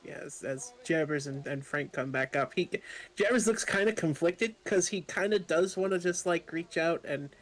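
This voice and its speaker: A man playing a tabletop game, describing his character's actions in a casual, animated way. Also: on the high side, moderate pace. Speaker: player. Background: ambient fantasy music.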